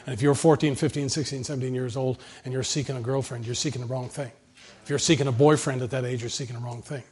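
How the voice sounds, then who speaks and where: A man's voice: medium pitch, steady tone, fast talker, darkish tone, husky. A man preaching a sermon with an emphatic, repetitive cadence. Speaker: pastor.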